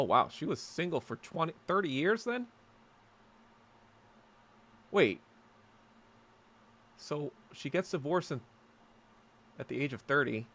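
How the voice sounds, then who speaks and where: Gravelly guy ranting on his podcast, lots of swearing, sarcastic, edgy sharp voice. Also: medium pitch. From New York. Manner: rambling, profane, sarcastic ranting. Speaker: podcast host. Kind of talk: casual livestream chat reading viewer comments.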